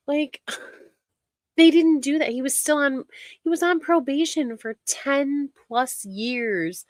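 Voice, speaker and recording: A woman's voice: high voice, lively intonation, slow, no echo, studio quality. A woman giving casual reaction commentary, exasperated and mocking as she rants about online drama. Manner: exasperated, mocking, talks over clips.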